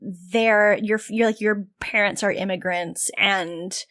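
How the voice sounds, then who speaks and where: A woman's voice: mid-range voice, fairly even intonation, slow, a bit bright. A young woman co-hosting a podcast in chatty, casual talk, laughing often and slipping into mocking impressions. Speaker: podcast co-host. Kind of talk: casual chat.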